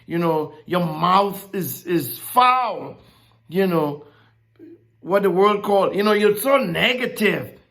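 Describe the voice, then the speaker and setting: A woman preaching a sermon, teaching from scripture in a slow, emphatic way. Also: lowish voice, lively intonation, fairly bright tone. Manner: emphatic, rising and dropping sharply, slow deliberate preaching.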